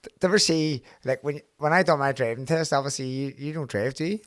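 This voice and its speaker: A man's voice: mid-range voice, fast talker, no echo. Dry-sounding man, rambling. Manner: rambling, many fillers, swearing. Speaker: podcast host. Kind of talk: casual podcast chat.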